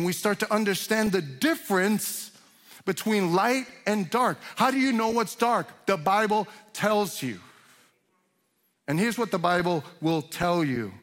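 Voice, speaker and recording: A man's voice: sits high, a bit bright. A man preaching a sermon as pastor, talking conversationally with frequent restarts and rising in emphasis on key points. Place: church sanctuary. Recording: long hall reverb.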